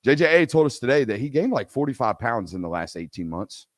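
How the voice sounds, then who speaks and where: A man's voice: medium pitch, brisk, no room sound, clean studio sound. A man hosting a live sports talk show, ranting emphatically and repeating himself for effect before taking audience questions. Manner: animated ranting, emphatic repetition.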